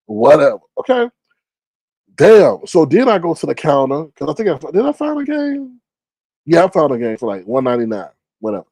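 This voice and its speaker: Animated man with a mellow voice. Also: brisk, no echo. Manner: animated, profane, gossipy, with big pitch jumps when quoting. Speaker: livestream host. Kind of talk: casual livestream chat and storytelling.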